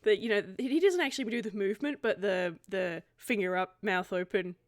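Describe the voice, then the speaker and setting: A woman's voice: medium pitch, fairly quick. A woman playing a tabletop game, describing her character's actions in a giggly, rambling way. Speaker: player. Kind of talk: tabletop game play, casual chat.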